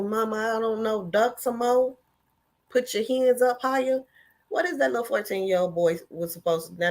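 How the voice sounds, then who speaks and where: Woman venting on her vlog, blunt and sassy, swinging loud and high then dropping low. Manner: blunt, heated, sassy ranting; swings in pitch and volume, mocking voices. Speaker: commentary vlogger. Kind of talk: casual opinion vlog.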